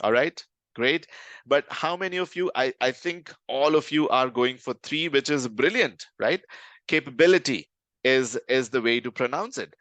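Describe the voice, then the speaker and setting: Trainer in a dry, close recording. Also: male voice, medium pitch, a bit bright, no room sound. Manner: conversational, checks in with "right?" often. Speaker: communication trainer. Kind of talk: live online lesson.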